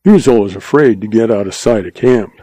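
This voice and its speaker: A quick-witted young cowboy spinning a tall tale with folksy ease, voiced by a male narrator. The voice is warm and mellow. It sounds close and dry, like a storybook reading. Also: on the low side, husky, dry recording. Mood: mournful. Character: young cowboy, sly and smooth-talking.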